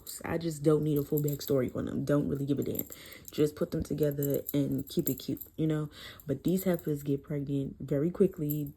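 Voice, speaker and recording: A woman casually reviewing a book series in a chatty, profane, animated way. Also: low voice, slightly rough.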